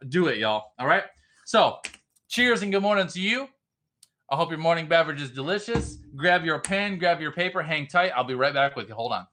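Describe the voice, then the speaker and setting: A middle-aged man hosting a live motivational stream as a business mentor, fired up, greeting viewers by name and swinging between loud bursts and quiet stretches. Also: a little high, expressive, brisk, faint music behind. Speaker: startup business mentor and livestream host. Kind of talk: energetic motivational livestream talk.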